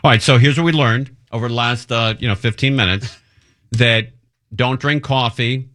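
A man's voice: medium pitch, moderate pace, a bit bright. A middle-aged man hosting a radio show, joking and laughing at himself. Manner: self-mocking, jokey, laughs often. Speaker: radio host. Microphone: studio mic.

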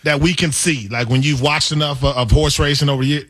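A man co-hosting a sports radio show, animated and playful in casual banter. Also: a little high, quick pace.

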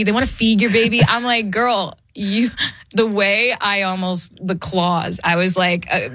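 A young woman guest on a radio show, telling animated stories and acting out what people said. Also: mid-range voice, no echo, clean studio sound. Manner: animated storyteller who acts out quotes. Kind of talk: casual radio interview chat. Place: radio studio. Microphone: studio microphone.

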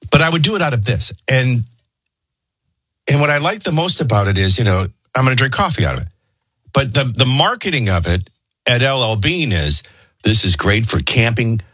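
A man's voice: mid-range voice, sing-song, fairly quick, fairly bright tone, slightly rough, dry recording. A middle-aged man hosting a radio show, chatting casually and jokingly, moving from news into personal anecdotes. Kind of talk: casual talk radio banter.

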